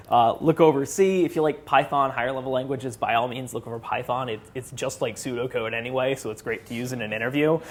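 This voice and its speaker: A man's voice: medium pitch, fairly even intonation, a little fast, few pauses, a little hiss or hum. Chatty young man giving a seminar. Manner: chatty, laughs at his own jokes, many fillers. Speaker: student presenter. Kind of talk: informal seminar talk.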